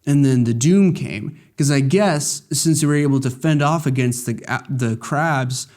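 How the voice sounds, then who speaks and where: A man's voice: mid-range voice, measured pace, a little mellow. A man giving casual gameplay commentary, recapping the story in a rambling, jokey way full of fillers. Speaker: let's play gamer.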